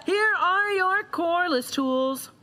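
A woman's voice: very high voice, expressive, slow, bright, forceful tone, heavily acted. A woman voicing a cheerful talking helper gadget in a comedy bit, announcing items in a jokey sing-song way. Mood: bubbly.

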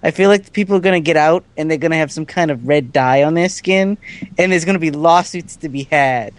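A man's voice: fairly high pitch, a little fast, no room sound. A man co-hosting a podcast, chatting in a skeptical, wry way. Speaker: podcast co-host. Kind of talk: casual chat.

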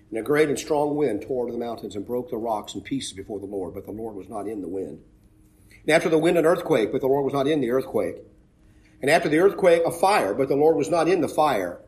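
A man preaching a sermon, retelling a Bible story in an earnest way that rises to emphatic peaks and drops low again.

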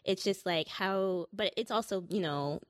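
A woman's voice: mid-range voice, a little slow, dry recording. A woman co-hosting a podcast, informative and matter-of-fact in casual chat. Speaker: podcast co-host.

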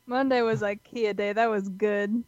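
A woman's voice: mid-range voice, fairly even intonation, moderate pace. Laid-back woman, slightly dull sound. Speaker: podcast guest. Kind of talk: casual chat.

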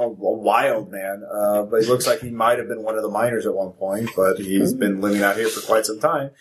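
A man narrating as game master of a tabletop role-playing game, halting and full of fillers. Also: lowish voice.

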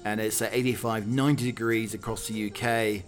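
A man's voice: on the low side, level tone, brisk, faint music behind. A British man hosting a casual talk show, wry and chatty, with many fillers. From United Kingdom. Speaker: host. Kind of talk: casual chat.

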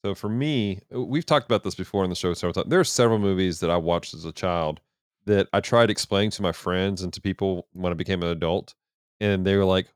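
A man co-hosting a casual movie podcast, telling stories in an animated way and laughing often. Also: deep voice, a little fast, clean tone, dry recording, studio quality. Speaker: podcast co-host. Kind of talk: casual chat.

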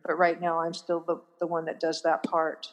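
A middle-aged woman talking earnestly as an interview guest, often restarting and trailing off softly. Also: low-pitched, monotone, normal speed, lo-fi sound. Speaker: family caregiver, guest. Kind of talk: interview conversation. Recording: long reverb in a hall-like room.

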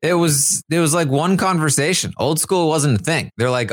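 A man's voice: on the high side, animated, moderate pace, few pauses. A man co-hosting a podcast, casually recapping a reality show with many fillers and acted quotes. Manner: acts out housemates' lines in quoted voices, many fillers.

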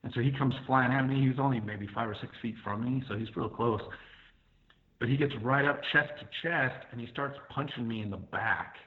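A man's voice: medium pitch, brisk. A man telling a personal story in a conversational way, with fillers, acting out his own thoughts. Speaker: podcast guest, firefighter telling his story. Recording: tinny phone-like line.

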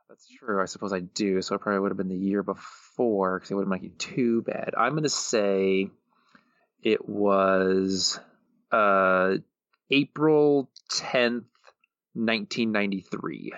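A man's voice: fairly low pitch, slow, fairly bright tone, no room sound. A man co-hosting a podcast in casual chat, dry and wry. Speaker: podcast co-host. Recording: dull dry lo-fi sound.

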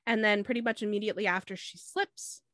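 A woman's voice: medium pitch, steady tone, quick pace, fairly bright tone, no room sound, studio quality. A woman hosting a podcast, telling a true crime case in a casual, matter-of-fact way with fillers and asides.

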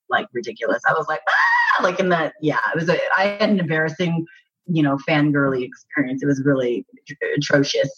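A woman's voice: sits low, a bit bright, slightly rough. A woman guest on an interview, chatting in a bubbly, gushing way with lots of restarts and laughter. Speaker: actress guest. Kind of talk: casual interview chat. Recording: muffled lo-fi audio.

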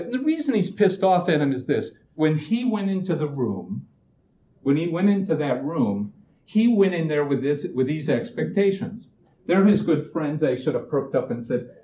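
A man's voice: on the high side, roomy sound, a little hiss or hum, low-quality recording. A man giving a casual motivational talk, telling anecdotes and acting out what people said, often restarting his phrases. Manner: animated storyteller, acts out quoted voices, often restarts phrases. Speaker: speaker giving a talk on expectations.

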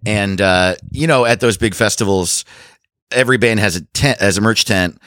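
Low-voiced rambling male comedian. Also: moderate pace, a bit bright, no echo, studio quality. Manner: rambling, profane anecdote telling with many fillers. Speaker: comedian guest. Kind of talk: casual storytelling chat.

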